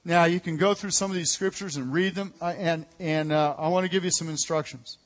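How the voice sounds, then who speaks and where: A man preaching a sermon as pastor, energetic and conversational, calling out to his congregation. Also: a little high, fairly quick. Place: church hall. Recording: echoey hall.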